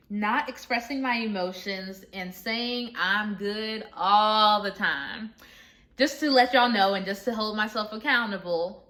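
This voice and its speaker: A woman's voice: medium pitch, bright, forceful tone. A young adult woman talking to viewers in a candid personal vlog, earnest and confessional, often laughing. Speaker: vlogger.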